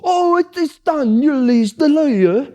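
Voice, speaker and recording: A man putting on the voice of a frightened, apologetic huge man, high and pleading. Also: lively intonation, a little slow, dark tone. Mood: panicky.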